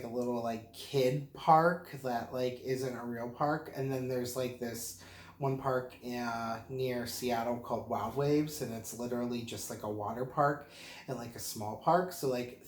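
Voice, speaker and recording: A man from the Pittsburgh area, mildly tipsy, rambling casually to camera with lots of fillers and frequent laughs. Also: mid-range voice. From Pittsburgh area, western Pennsylvania. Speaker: vlogger. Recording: roomy echo.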